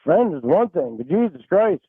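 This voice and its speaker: A man's voice: sits high, sing-song, moderate pace, breathy edge, dry recording. A man arguing angrily and swearing on a recorded phone call. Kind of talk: heated phone argument. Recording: tinny phone-line recording.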